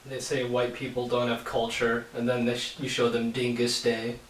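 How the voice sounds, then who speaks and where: A man co-hosting a podcast in casual chat, throwing in quick jokes. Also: mid-range voice, monotone, distant mic, a little hiss or hum. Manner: quick joking interjections. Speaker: podcast co-host. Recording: roomy sound from off mic.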